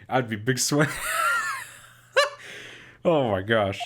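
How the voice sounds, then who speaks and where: A man giving casual, excitable commentary while playing a game. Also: medium pitch, very noisy. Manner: excitable, laughing reactions. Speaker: game streamer. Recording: game music playing behind.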